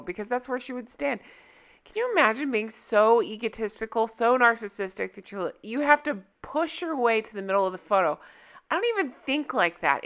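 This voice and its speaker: A woman vlogger with a bright, forceful voice reads posts aloud and reacts to them. Her commentary is casual, sarcastic and exasperated, and she often thinks out loud. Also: medium pitch, creaky.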